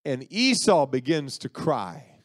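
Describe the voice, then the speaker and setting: Brief: male preacher, medium voice, animated folksy sermon storytelling, dry close sound. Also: medium pitch, slow, dry recording.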